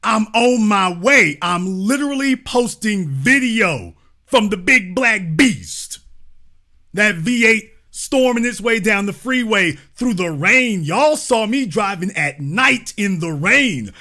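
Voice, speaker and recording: A man delivers a political commentary monologue in a high, lively voice that swings widely in pitch. His tone is bright and forceful, and he hammers his points home with mocking repetition. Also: takes it slowly. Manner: emphatic, mocking, repeats lines for effect. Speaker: host of a commentary show.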